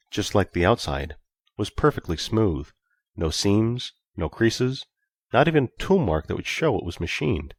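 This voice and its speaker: A man narrating an audiobook in a steady, even storytelling manner. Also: sits low, no room sound, clean studio sound. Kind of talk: scripted narration.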